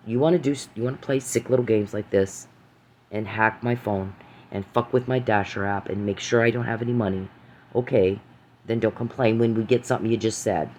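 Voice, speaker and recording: A man's voice: mid-range voice, brisk, darkish tone. A man ranting to camera in an angry, rambling way, cursing, accusing, repeating himself and stumbling over restarts. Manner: profane, accusing, repeats phrases, stammering restarts. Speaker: vlogger.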